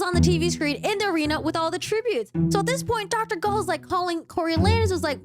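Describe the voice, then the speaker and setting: A woman's voice: very high-pitched, animated, a little fast, hardly any pauses, over loud music. A woman giving a chatty, casual book recap with frequent asides and fillers.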